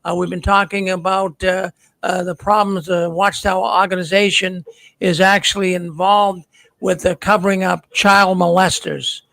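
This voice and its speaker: A man hosting a live talk show, speaking haltingly with many fillers. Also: sits high, level tone, vocal fry, fairly bright tone, no room sound, rough recording. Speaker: host.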